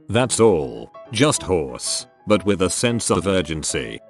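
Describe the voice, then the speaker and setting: A man reading online posts aloud as scripted narration, lively and expressive with dry asides. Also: on the low side.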